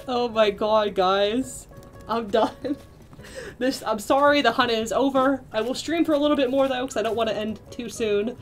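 A young woman live-streaming a video game, excitable and quick to squeal and laugh as she chats with her viewers. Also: fairly high pitch, soft background music.

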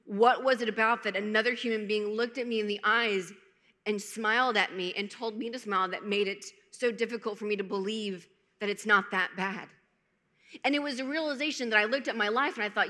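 A woman's voice: mid-range voice, brisk, pushed and bright. A woman in her thirties giving a candid, emotional personal testimony to a conference, with self-deprecating humor. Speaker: conference speaker. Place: large conference hall. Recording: reverberant hall.

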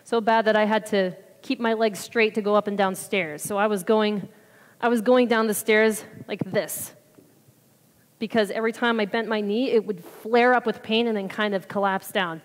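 Woman, mid-pitched, lively testimony storyteller, church hall with long reverb. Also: moderate pace. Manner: animated, acts out her own reactions. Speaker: church member giving a mission trip report.

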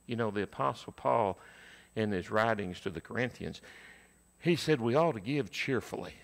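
A man's voice: fairly low pitch, expressive, normal speed, vocal fry. A man preaching a sermon in a church, leaning hard on repeated key words for emphasis.

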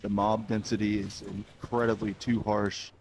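A man's voice: lowish voice, level tone, normal speed, crowd noise. A man giving dry, joking voice-over commentary on his own gameplay. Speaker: gamer narrating gameplay.

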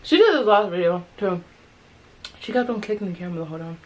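Exasperated chatty daughter, faint background noise. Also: female voice, medium pitch, lively intonation, quick pace, poor audio. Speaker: daughter co-hosting a mukbang. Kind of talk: casual chat while eating.

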